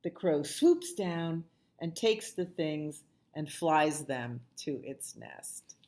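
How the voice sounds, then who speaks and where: A woman librarian reading a picture book aloud at children's storytime, with soft asides to the kids. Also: deep voice, animated. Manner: slow, sing-song, with soft asides to the children.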